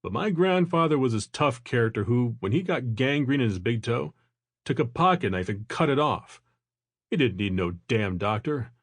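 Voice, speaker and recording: A man's voice: medium pitch, animated, normal speed, husky, no room sound. A male narrator voicing an older therapist who stays unperturbed and good-humored. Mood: calm. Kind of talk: audiobook character voice.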